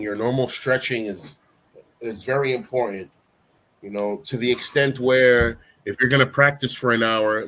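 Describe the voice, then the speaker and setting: A man hosting a casual live-stream talk show, talking loosely in an instructive, coaching way and leaning on "you know" a lot. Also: medium pitch. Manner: relaxed, rambling, heavy use of "you know". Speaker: livestream talk show host.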